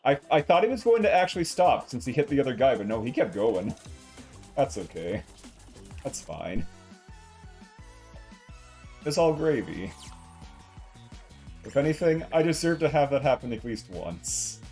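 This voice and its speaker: A man's voice: mid-range voice, big pitch swings, measured pace, long pauses, darkish tone, soft background music. A man giving casual live gameplay commentary as a streamer, playful and self-mocking as he chats. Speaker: game streamer.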